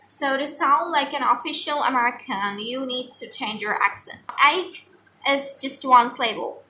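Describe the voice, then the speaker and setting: A young woman giving an online pronunciation lesson, saying each example word over and over so the learner can follow. Her voice is bright and clear and sits a little high. A faint hiss runs under the recording. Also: far from the mic. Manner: repeats example words slowly for the learner. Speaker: online tutor.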